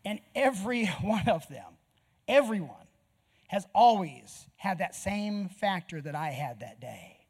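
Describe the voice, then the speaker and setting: A middle-aged man preaching a sermon, telling a story with lively swings from loud outbursts to near whispers. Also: high-pitched, a little slow, breathy edge. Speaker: pastor.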